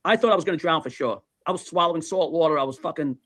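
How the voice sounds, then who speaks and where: High, bright-voiced man telling stories. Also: rapid-fire, dry recording. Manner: animated, profane storyteller who repeats himself. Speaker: livestream host. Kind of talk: casual chat.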